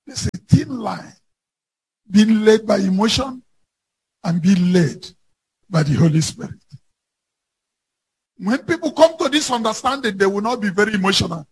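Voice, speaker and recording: A man preaching a sermon, quoting scripture and rising to impassioned shouts. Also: high-pitched, expressive, normal speed, long pauses, a little hiss or hum, poor audio.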